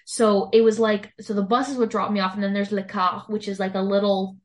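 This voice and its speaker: A woman's voice: mid-range voice, fairly quick. Young woman, casual chatty storyteller, voices the people in her story, lots of "like". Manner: animated storytelling, heavy use of "like", acts out quoted lines. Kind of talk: casual chat.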